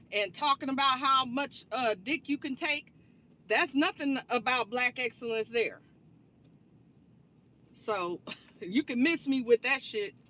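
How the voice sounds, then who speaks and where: A woman with a high, bright voice speaks bluntly in an angry rant vlog. She is profane and confrontational, addressing her target directly. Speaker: online commentary creator.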